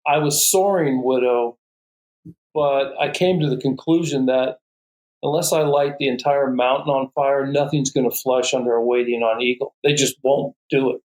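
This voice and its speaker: A man's voice: medium pitch, fairly even intonation, moderate pace, darkish tone. A man, a guest falconer, telling stories in a podcast conversation and often laughing. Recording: roomy echo.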